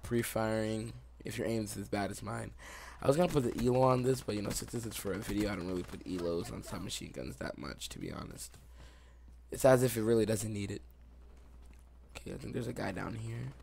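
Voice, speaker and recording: Excitable young man, gravelly low voice. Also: brisk, a little hiss or hum. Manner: excitable, reacts aloud to the game. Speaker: gaming YouTuber. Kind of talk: live gameplay commentary. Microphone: desktop USB mic.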